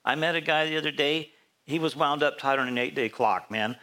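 A pastor leads a midweek Bible study in a relaxed, conversational sermon. His voice is bright and forward, and he keeps asking the group what each verse promises. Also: fairly high pitch, brisk. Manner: conversational, asks the congregation questions.

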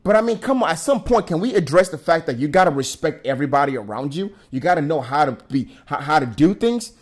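A man's voice: a little high, fast. A man hosting a casual commentary show, ranting with indignation, swearing often and restarting his sentences. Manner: animated, indignant, profane rant with many restarts. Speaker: commentary host.

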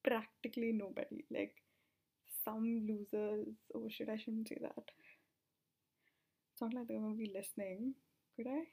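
A woman's voice: a little high, steady tone, normal speed, long pauses, mellow, husky. A young woman rambling to her viewers, out of breath, giggling, swearing freely and sometimes dropping into a whisper. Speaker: vlogger. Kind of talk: rambling casual monologue.

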